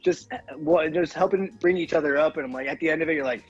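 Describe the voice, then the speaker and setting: A man's voice: on the high side, fast, highs cut off, soft background music. A man co-hosting a casual chat, talking hesitantly with many fillers and laughing often. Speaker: co-host.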